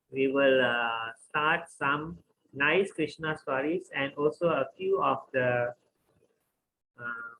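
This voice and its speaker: A man teaching, telling a devotional story in a lively way and acting out each character. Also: on the high side, slight background noise, poor audio.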